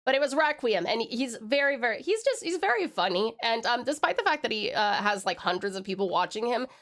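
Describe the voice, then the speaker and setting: A woman from Australia chatting casually on a live stream, rambling and giggly with lots of fillers, and her throat a little hoarse. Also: a little high, big pitch swings, brisk, a bit bright. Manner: rambling, giggly, loopy, with many fillers and restarts. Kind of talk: casual live-stream chat reading viewer messages.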